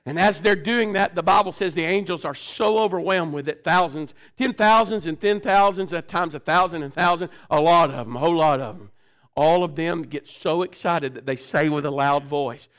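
A man preaching a sermon, dropping to quiet asides and rising to shouts. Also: high voice. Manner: swings between hushed and shouting. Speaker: pastor.

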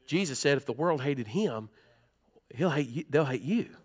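A middle-aged man, preaching a sermon in a church with animated, folksy storytelling and humor. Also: medium pitch, moderate pace, breathy edge. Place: church sanctuary.

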